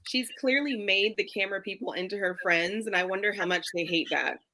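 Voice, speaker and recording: A woman joins as a guest in a casual chat, her voice bright and her pitch medium. She makes dry, wry remarks in an easy, conversational way. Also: fairly quick, poor audio.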